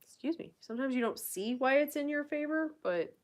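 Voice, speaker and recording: A woman's voice: sits high, animated, brisk. A young woman hosting a casual live Q&A stream, chatting and reading viewer comments aloud. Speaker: livestream host.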